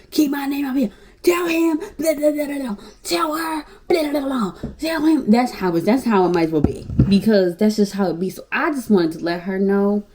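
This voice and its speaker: A woman in her twenties from Baltimore, telling a story for a casual vlog in a blunt, profane, animated way. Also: on the low side. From Baltimore, Maryland, USA. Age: 20s. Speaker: YouTuber.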